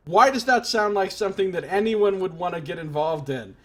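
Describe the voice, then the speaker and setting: A man's voice: high-pitched, brisk, hardly any pauses, fairly bright tone. A man streaming a game from his apartment, giving sarcastic, profane commentary as he riffs aloud. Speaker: let's play streamer.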